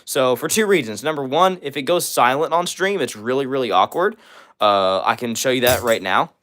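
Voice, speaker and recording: A young man from Missouri hosting a livestream, rapidly reading and answering viewer comments with lots of fillers. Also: medium pitch, fairly bright tone. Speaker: livestream host. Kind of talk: fast live chat reading.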